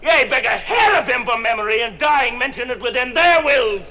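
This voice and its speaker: An actor playing Mark Antony, a Roman orator stirring a crowd, in measured declamatory Shakespearean verse from an old film soundtrack. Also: male voice, very high voice, expressive, highs cut off, a little hiss or hum, full character voice. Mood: grave, persuasive. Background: crowd voices shouting back.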